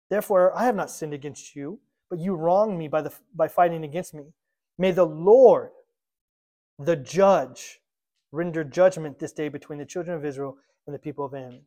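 A man's voice: fairly high pitch, normal speed, warm tone. A man preaching a sermon, reading scripture aloud and explaining it, acting out the quotes in a casual modern voice. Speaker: pastor.

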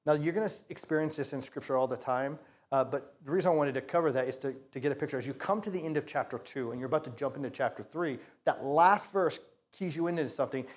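A man, a pastor, giving a conversational sermon with a prayer and a Bible reading, often repeating words as he restarts phrases. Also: a little high. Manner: conversational, talks to the audience as "you guys".

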